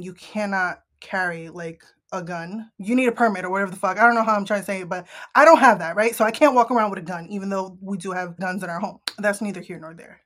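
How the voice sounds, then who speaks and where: Young woman from the northeast hosting a podcast, swears a lot, blunt and lively, acts out the quotes in her story. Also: mid-range voice. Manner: blunt, profane, animated retelling with acted-out quotes. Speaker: podcast host. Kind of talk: candid personal storytelling.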